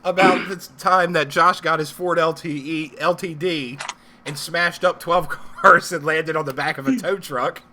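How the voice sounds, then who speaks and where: A young man co-hosting a casual live-stream chat show, telling stories in a lively, profane way. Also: on the high side, unhurried, a little hiss or hum. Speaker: co-host.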